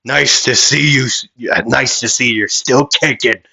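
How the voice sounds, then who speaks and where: A man's voice: medium pitch, fairly even intonation, measured pace, vocal fry, husky, full character voice, rough recording. A man voicing a cocky male villain who taunts in a raised, mocking voice. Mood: taunting. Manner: mocking, raised and louder than the narration.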